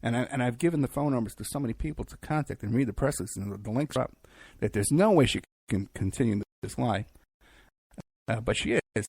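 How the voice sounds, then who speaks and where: A male talk-show host with a gravelly, rough-edged voice and a husky, breathy tone. He rambles along in an off-the-cuff monologue and often stops and restarts his sentences. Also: mid-range voice, lively intonation, fast talker, a little mellow, no room sound. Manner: rambling, with frequent restarts and fillers.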